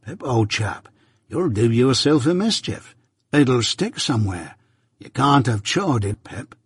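A man voicing a gentle, simple-hearted blacksmith who talks slowly and solemnly in a confidential way. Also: mid-range voice, sing-song, husky, no echo, clean studio sound, heavily acted. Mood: earnest worry.

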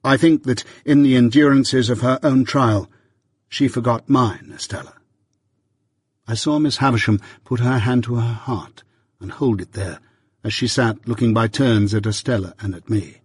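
A man giving a measured, earnest first-person reading of a novel, as an audiobook narrator. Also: medium pitch, breathy edge, dry recording, clean studio sound.

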